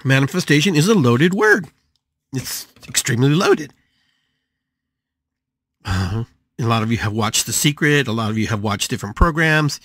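An older man hosting a live podcast, talking through a monologue in an animated way, repeating phrases and swinging his pitch widely. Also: normal speed, long pauses, no room sound. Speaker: podcast host and shamanic healer.

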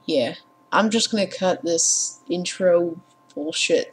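A woman's voice: fairly low pitch, takes it slowly, slight background noise. A young woman rambling casually as a gaming vlogger at her home computer, sarcastic and prone to swearing and ranting. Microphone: computer mic with headphones.

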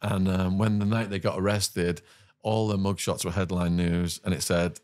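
British man telling a lively story. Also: low voice, no echo, studio quality. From Britain. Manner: animated, vivid storyteller with quick laughs and asides. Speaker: podcast guest. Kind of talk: storytelling in conversation.

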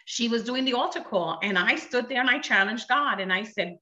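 Bright-voiced woman telling an earnest testimony. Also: a little high, expressive, brisk, hardly any pauses, echoey room, dull audio. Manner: earnest, emotional storytelling with quoted speech. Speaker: guest giving a testimony. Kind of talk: personal testimony in conversation.

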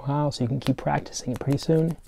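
A man teaching preschool children remotely, explaining step by step in a gentle, playful way. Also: a little high, fairly even intonation, fast talker, vocal fry, a little hiss or hum. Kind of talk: remote lesson for young children.

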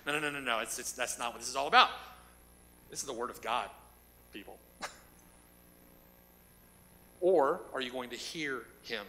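A man's voice: mid-range voice, moderate pace, long pauses, bright, forceful tone, a little hiss or hum, poor audio. A man preaching a sermon as pastor, emphatic, with rhetorical questions and repeated lines.

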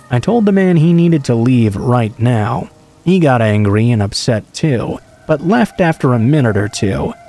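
A man narrates true horror stories in a calm, even reading voice. His tone is dark and mellow, sitting at an ordinary middle pitch.

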